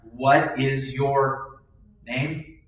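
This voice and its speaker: A male preacher voicing a stern ancient emperor passing judgment, speaking slowly and deliberately, in a very echoey church. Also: mid-range voice, steady tone, fairly bright tone, distant mic.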